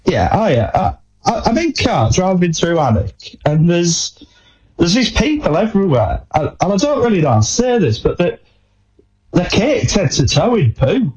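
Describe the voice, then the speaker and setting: Panicked man caller, high and jumpy, stammering, put on by a man. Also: very animated, darkish tone, rough recording. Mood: alarmed. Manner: rushed, halting, stammering. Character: panicked male listener phoning in from his car. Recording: voice note.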